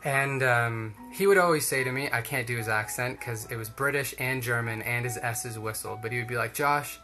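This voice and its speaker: A man's voice: mid-range voice, fairly quick, music in the background. A young man giving a casual storytelling talk, rambling and chatty with lots of fillers.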